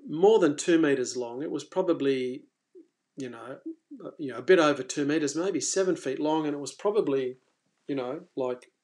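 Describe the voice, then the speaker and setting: A man hosting a fishing live stream, telling a story casually and with energy, stumbling and restarting, then trailing off quietly. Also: a little high. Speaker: fishing coach and channel host.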